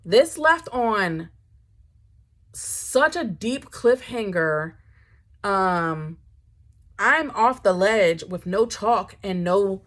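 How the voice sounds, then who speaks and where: A young woman chatting casually about books, dramatic and animated, swinging from low mumbles to high exclamations. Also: drawn-out words, pauses often. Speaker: book vlogger. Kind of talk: casual chat.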